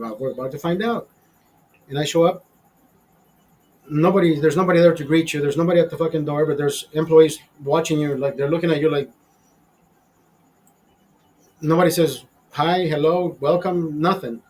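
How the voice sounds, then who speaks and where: A man's voice: fairly high pitch, fairly even intonation, a little fast, darkish tone, low-quality recording. A man of fifty, a show host, telling a rambling story in casual chat, swearing a lot and sounding exasperated. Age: 50s. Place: small studio.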